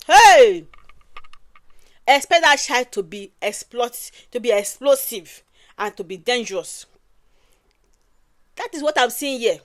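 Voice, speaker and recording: A woman with a Nigerian accent talks in a high voice, emphatic and repetitive, often tagging her lines with "oh". The sound is dry and close, with no room around it. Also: dry recording. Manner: emphatic, repeats phrases and ends with "oh". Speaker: commentator. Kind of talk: casual commentary.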